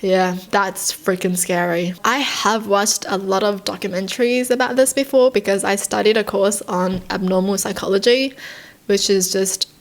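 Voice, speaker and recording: A young woman reacting to stories in casual commentary. She is excitable and curious, fires off quick questions and says "like" often. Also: medium pitch. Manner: excitable and curious, heavy use of "like", rapid questions. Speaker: vlogger reacting to read-out stories.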